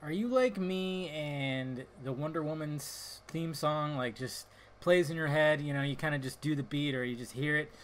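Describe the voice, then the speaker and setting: A young adult man hosts his own podcast, drifting casually from topic to topic with plenty of tangents and swearing. His voice is a little high and fairly bright, at a moderate pace.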